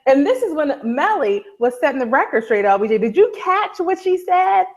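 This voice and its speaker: A woman co-hosting a live TV recap show, an animated storyteller who keeps repeating a catchphrase. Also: high-pitched, normal speed. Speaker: podcast co-host.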